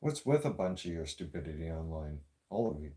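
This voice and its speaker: A man's voice: very deep voice, very animated, fairly quick, warm tone. A man with a Toronto Canadian accent, ranting to camera in a blunt, profane and sarcastic vlog monologue. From Greater Toronto Area, Canada. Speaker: vlogger.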